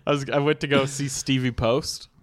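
A man's voice: medium pitch, steady tone, normal speed. A man co-hosting a podcast in casual chat, telling stories with frequent laughter and acting out the people he met. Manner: storytelling, laughs often, acts out drivers. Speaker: podcast co-host.

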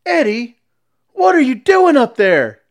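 A man's voice: very high voice, big pitch swings, measured pace, voice pushed up, heavily acted. A man voicing a wound-up man on a boat who screams orders in exasperation. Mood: yelling. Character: frantic yelling man on a boat.

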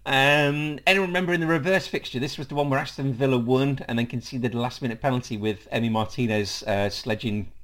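A man's voice: mid-range voice, a little fast, hardly any pauses, fairly bright tone. A man with a Leicester accent hosting a casual football podcast, reading stats between frequent laughs and fillers. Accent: Leicester English. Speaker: podcast host.

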